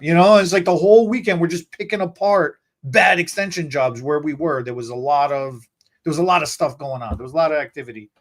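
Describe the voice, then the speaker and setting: A man's voice: a little high, brisk. A man co-hosting a beauty-industry podcast, telling a story casually and acting out the quoted lines. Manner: storytelling, animated, acts out quotes. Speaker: podcast co-host.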